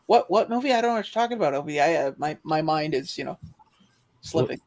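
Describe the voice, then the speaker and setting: A man co-hosting a livestream chat, telling stories with lively quoted exchanges and frequent repeated words as he starts sentences. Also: fairly high pitch, fast talker. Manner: storytelling, animated quoting of callers. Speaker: livestream co-host. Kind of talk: casual chat.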